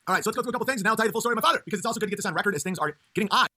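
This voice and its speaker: A male comedian rambling through a casual livestream. He talks with a high, bright voice, stops and restarts a lot, and laughs easily. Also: very fast. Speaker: comedian streamer.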